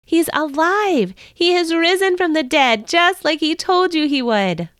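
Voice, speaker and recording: A woman voicing a joyful, gentle angel. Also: extremely high pitch, expressive, measured pace, no room sound, clean studio sound, voice pushed up, heavily acted. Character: joyful radiant male angel, kind.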